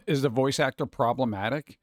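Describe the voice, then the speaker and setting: A man's voice: mid-range voice, moderate pace, no room sound. Casual streamer guy reading chat, rants with rhetorical questions, dead-dry room. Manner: chatty, ranting, rhetorical questions.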